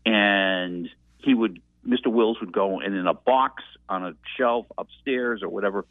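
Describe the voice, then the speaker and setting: A man's voice: on the low side, a little slow, no room sound. Older New man on a phone line. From Massachusetts. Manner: rambling, reflective storytelling. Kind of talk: casual reminiscing. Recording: tinny dry phone line.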